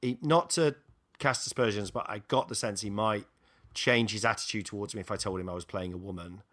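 A man's voice: lowish voice, brisk. A middle-aged man, co-hosting a podcast and telling a sweary comic story in a casual chat. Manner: animated, sweary anecdote-telling. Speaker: podcast co-host, comedian.

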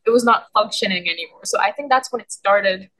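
A woman co-hosting a podcast, telling a story in a casual, excitable way with lots of giggles. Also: mid-range voice, a little fast, a little hiss or hum, poor audio. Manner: giggly and excitable, many fillers. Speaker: podcast co-host.

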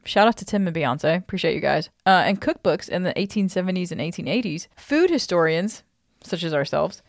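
A woman from the American South co-hosting a casual podcast, chatty and full of "like" fillers. Her voice sits a little low and is recorded dry and close. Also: animated, fairly quick, dry recording. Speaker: podcast co-host. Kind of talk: casual chat.

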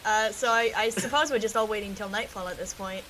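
A woman's voice: medium pitch, brisk, a bit bright, slight background noise, low-quality recording. A woman acting as game master, steering the scene in an easygoing way. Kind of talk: running a tabletop game.

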